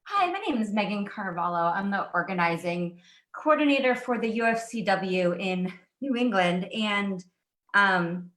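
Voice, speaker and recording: A woman's voice: medium pitch, animated, unhurried, a bit bright, roomy sound. A woman union organizer giving a public comment over a video call, out of breath and earnest.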